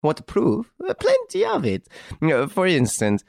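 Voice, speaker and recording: A man reading an audiobook, voicing a calm, clever chevalier who explains a theft in a smiling, deliberate way. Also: fairly high pitch, gravelly, dry recording, clean studio sound, pitched above the performer's own voice, exaggerated voice.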